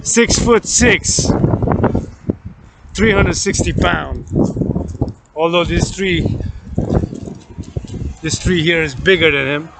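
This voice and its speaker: A man with a fairly high voice rambles through a story and loops back over the same lists again and again. He is outdoors by a street. Loud traffic noise runs under his voice. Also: takes it slowly, gravelly, long pauses. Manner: repetitive, lists things over and over. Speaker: vlogger. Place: outdoors near a street with passing vehicles.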